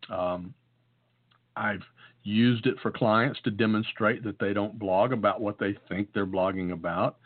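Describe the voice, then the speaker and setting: A man co-hosting a podcast, chatting casually and joking, with lots of fillers. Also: fairly low pitch. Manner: jokey, rambling, many fillers. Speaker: podcast co-host. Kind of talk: casual chat. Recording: phone-like narrow sound.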